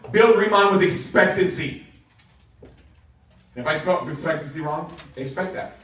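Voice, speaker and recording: A man giving an energetic, enthusiastic sales training talk to a room, laughing often between points. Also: a little high, normal speed, very noisy. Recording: very echoey room heard from far off.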